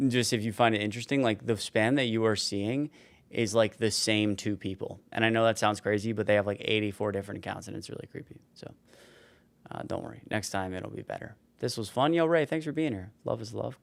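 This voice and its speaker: A man in his forties winds down a livestream, tired and rambling as he thanks his viewers one by one. His voice sits a little low with a gravelly edge, and the sound is close and dry. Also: steady tone, moderate pace, no echo. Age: 40s. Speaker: streamer. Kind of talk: casual livestream sign-off.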